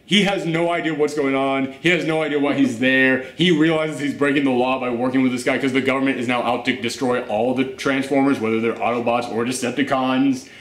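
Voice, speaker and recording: A man hosting a casual movie rant, animated and exasperated, swearing and laughing often. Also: medium pitch, fairly quick, hardly any pauses. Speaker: host. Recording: roomy echo.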